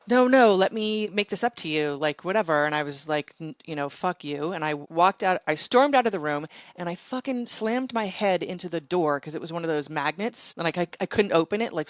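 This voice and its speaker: A middle-aged woman founder telling stories in an interview, animated and blunt, swearing and acting out other people's lines. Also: low voice, no echo. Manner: animated, profane, quotes others in raised voice. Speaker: startup founder and CEO, guest. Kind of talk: candid interview storytelling.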